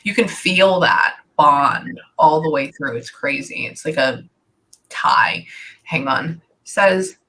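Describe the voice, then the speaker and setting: A woman's voice: sits low, slow pace, slightly rough, rough recording. A woman giving a psychic reading, talking in a rambling, casual way with lots of "like" fillers. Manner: rambling, full of "like" fillers, animated. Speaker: psychic medium.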